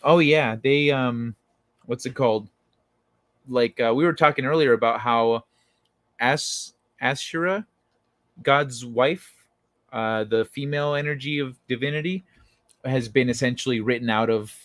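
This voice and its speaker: A man's voice: medium pitch, unhurried, pauses often, fairly bright tone, dry recording. A man hosting a casual late-night livestream, reading chat messages aloud and answering them in a loose, profane way. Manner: loose and profane, swears freely. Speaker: livestream host.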